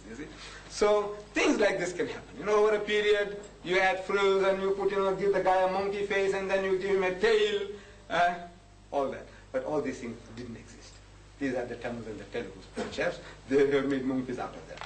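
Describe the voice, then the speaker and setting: A man's voice: sits high, normal speed, a little hiss or hum. A man giving a storytelling lecture, acting out conversations and chuckling often as he talks. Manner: animated storyteller who acts out both sides of conversations; chuckles often while speaking. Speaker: speaker giving a talk. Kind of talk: storytelling lecture to a live audience. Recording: echoey hall picked up from a distance.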